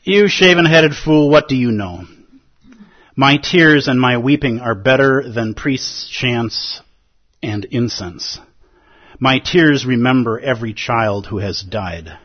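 Fierce grieving old woman, read by a husky man; slow and stern, lo-fi. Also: mid-range voice. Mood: fierce grief. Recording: dull lo-fi recording.

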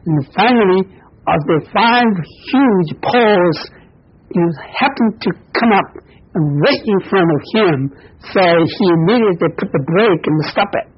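A man giving a Buddhist dharma talk as teacher, in halting non-native English full of fillers and soft chuckles, with a husky voice. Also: high voice. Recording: dull lo-fi recording.

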